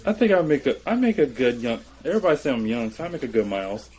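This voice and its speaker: A man's voice: medium pitch, big pitch swings, fast talker, darkish tone, breathy edge. A man co-hosting a podcast in casual chat, laid-back and joking. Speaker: podcast co-host.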